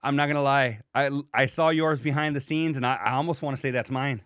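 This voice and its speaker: A man's voice: mid-range voice, a little fast, fairly bright tone, no echo, studio quality. A man hosting a casual podcast, telling stories in a profane, ranting way and acting out quoted dialogue. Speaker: podcast host.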